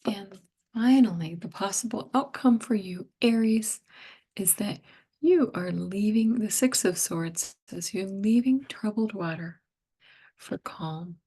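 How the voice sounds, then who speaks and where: A middle-aged woman giving a tarot reading, hoarse and losing her voice, half whispering in a gentle, musing way. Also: medium pitch, slow. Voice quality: breathy, partly whispered. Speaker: tarot reader.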